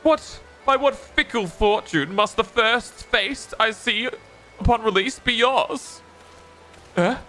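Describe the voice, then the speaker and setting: A man's voice: extremely high pitch, slow, sharp tone, faint music behind, exaggerated voice. Laurentus, a man reading a remorseful ex-convict. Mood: earnest. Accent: Australian. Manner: earnest, old-fashioned formal speech.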